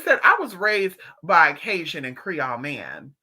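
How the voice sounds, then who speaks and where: A very bright, sharp-edged voice that swings widely in pitch, telling raw, profane stories to viewers on a live stream. This spiritual teacher keeps the chat casual and often slips into mocking impressions of the people in the stories. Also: very animated, measured pace, breathy edge.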